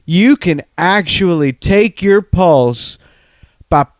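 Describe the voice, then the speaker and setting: Young southern guy rambling crude on the couch, smooth clear voice, dry sound. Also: high voice, animated, slow pace, no echo. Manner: rambling, profane, many restarts. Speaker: podcast co-host. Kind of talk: casual crude chat. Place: living room couch.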